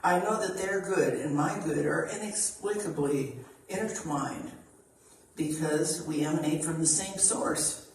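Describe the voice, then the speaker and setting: A woman giving a spiritual reading, calm and earnest as she reads aloud. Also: deep voice, a little slow, a little hiss or hum. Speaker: reader. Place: church hall. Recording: echoey hall from far off.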